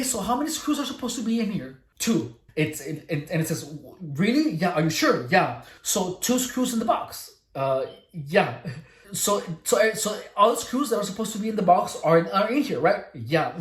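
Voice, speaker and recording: Profane, rambling storyteller in an echoey room. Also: medium pitch. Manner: profane, animated, acts out quoted dialogue with many restarts. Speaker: vlogger.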